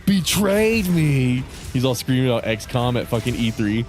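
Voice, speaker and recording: A young man chatting over his gameplay in a loose, rambling way, swearing often and trailing off mid-sentence. His voice sits at an everyday middle pitch. Faint game music plays softly behind him. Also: little pitch movement, fast. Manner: rambling, profane, laid-back. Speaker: streamer. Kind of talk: casual gaming commentary.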